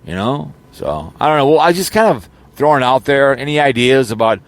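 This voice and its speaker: A man's voice: mid-range voice, lively intonation, fairly quick. A man rambling casually in an audio vlog, joking around with lots of fillers and false starts, recorded in his car. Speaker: YouTuber.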